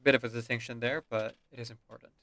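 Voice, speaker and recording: Relaxed man chatting over a story game. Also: mid-range voice, fast, no room sound. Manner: relaxed, musing, chuckling asides. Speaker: game streamer. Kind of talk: casual let's-play commentary.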